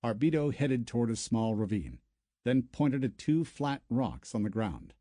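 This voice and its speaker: A man's voice: mid-range voice, a little slow, no room sound. A man narrating a first-person sci-fi novel as an audiobook, close to the mic. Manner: storytelling, expressive.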